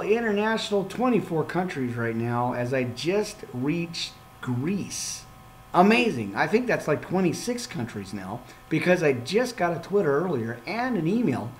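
A slightly high-voiced man, a minister hosting a live online ministry show, winds down with bursts of eager, playful energy. He drops amens and exhortations and jokes to himself between thoughts. A faint hiss sits under the recording. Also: unhurried. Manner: excitable, talks to himself, playful asides. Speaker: minister and podcast host. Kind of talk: live ministry podcast sign-off.

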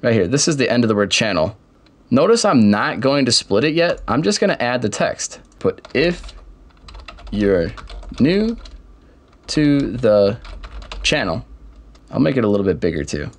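A young man casually walking through software steps in a screen-recorded tutorial, with keyboard typing behind him. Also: medium pitch, very animated, a little fast. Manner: step-by-step, casual explaining. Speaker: tutorial host.

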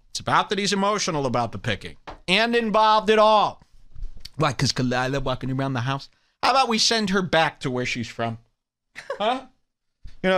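A man's voice: high voice, a bit bright, no room sound, clean studio sound. A man hosting a comedy podcast, ranting in a crude, mocking and sarcastic way. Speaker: podcast host.

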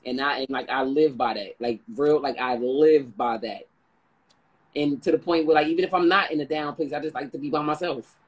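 A woman hosting a casual chat, telling stories in an animated, slangy way. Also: deep voice, fairly quick, slightly rough, low-quality recording.

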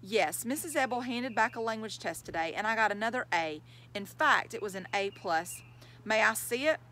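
Defiant little schoolboy, whiny and pushy, jumpy pitch, as a woman reads him. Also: expressive, normal speed, sharp tone. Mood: fibbing. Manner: whiny, insistent outbursts. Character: young schoolboy, defiant and fibbing.

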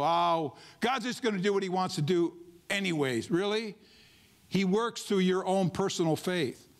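A male pastor preaching a sermon in church, driving his points home with repeated rhetorical questions. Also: high voice. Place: church sanctuary.

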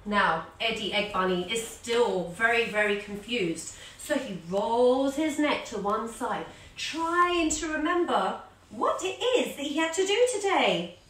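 A woman guides children through a story-led yoga class, playful and sing-song, acting out animal sounds. Her voice is high and swoops up and down, bright and clear at an unhurried pace. It rings through a very echoey room, heard from a few steps back from the mic. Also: lively intonation, distant mic. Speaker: kids yoga teacher.

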